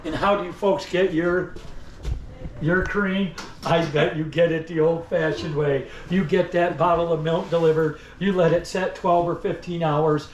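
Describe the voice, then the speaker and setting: In costume, a museum guide plays a theatrical old-time salesman, teasing the visitors in an indoor store museum and speaking to them directly. His voice is on the high side, fairly even in intonation and a little slow, and the room echoes with faint background noise.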